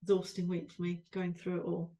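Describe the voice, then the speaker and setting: A woman's voice: fairly low pitch, monotone, a little fast, warm tone. A woman co-hosting a podcast, talking in a rambling, self-interrupting and emotional way. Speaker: podcast co-host. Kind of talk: reflective conversational chat.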